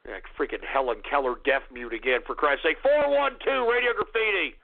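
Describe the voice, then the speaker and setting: A male radio host in an irritable, yelling call-in commentary style. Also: a little high, brisk, vocal fry. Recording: tinny phone-like radio audio.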